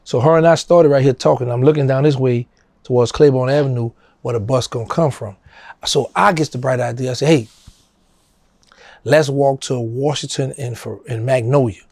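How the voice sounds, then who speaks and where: A man's voice: medium pitch, moderate pace, a little mellow, dry recording. A middle-aged man with a New Orleans accent tells a story in a casual interview, acting out the people he quotes in a raised voice. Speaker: interview guest.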